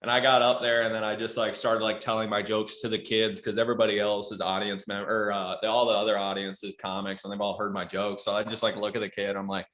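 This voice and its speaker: A man, a comedian guest, chatting casually and swearing as he tells stories, often jumping into loud acted quotes. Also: lowish voice, level tone, fast, few pauses, roomy sound, slight background noise. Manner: loose, profane storytelling with loud acted quotes. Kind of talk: casual podcast chat.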